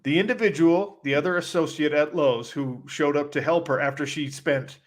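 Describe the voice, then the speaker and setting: Like a co-host relaxing with a friend, a man with a somewhat higher-than-typical male voice rambles through an animated story on a casual podcast. His pace is moderate, his delivery loose, and "like" pops up all the time.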